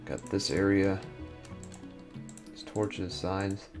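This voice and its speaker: Talking over music, a young man with a low-sitting voice and fairly even intonation drags out his words in casual let's-play commentary. He sounds sleepy, yawns, and mutters to himself while exploring and organizing items.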